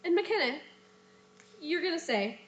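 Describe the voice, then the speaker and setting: Young woman teacher, very high voice, bright tone, echoey room. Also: big pitch swings, a little slow, muffled recording. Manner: acts out lines in playful voices. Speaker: dance and theater teacher. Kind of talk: reading a script to students.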